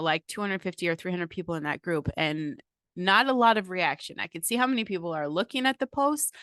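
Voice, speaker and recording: A woman's voice: medium pitch, pushed and bright, no echo, clean studio sound. A middle-aged woman hosting her own podcast, talking casually and bluntly with plenty of swearing and fillers. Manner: blunt and profane, chatty with many fillers. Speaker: podcast host. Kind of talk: casual motivational monologue.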